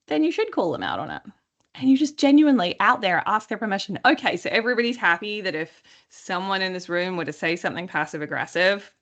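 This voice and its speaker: A woman's voice: mid-range voice, a bit bright, highs cut off. A woman coach teaching a webinar in a conversational way. She often checks in with her listeners and acts out quoted dialogue. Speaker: workplace coach.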